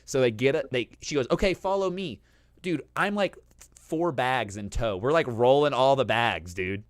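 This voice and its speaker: A man's voice: medium pitch, moderate pace, no room sound. Guy rambling a story, swears a lot, says dude every other line, dry close sound. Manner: animated, profane, says "dude" constantly. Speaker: host. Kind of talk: casual storytelling chat.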